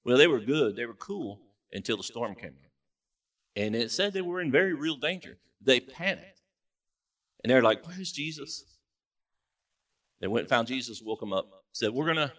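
A man preaching a sermon as pastor in a church, in a relaxed conversational way with joking asides. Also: mid-range voice. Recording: distant mic in a church.

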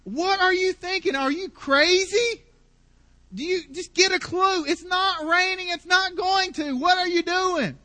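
A man voicing a fed-up male servant who shouts incredulous, rapid questions. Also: very high voice, dry recording, voice pushed up, full character voice. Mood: exasperated.

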